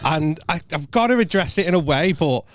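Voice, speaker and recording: Male comic, casual anecdote delivery, stop-start and profane, slightly high voice, close dry sound. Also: animated, a little fast, no room sound. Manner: stammering restarts, heavy swearing, laid-back. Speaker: stand-up comedian guest. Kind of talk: casual podcast storytelling.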